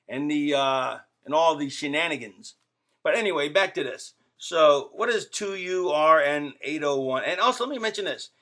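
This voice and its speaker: A middle-aged man who wrestles records a casual vlog for his fans, the camera pointed at him as he jokes and rambles with fillers and asides. He has a fairly high pitch and a fairly bright tone.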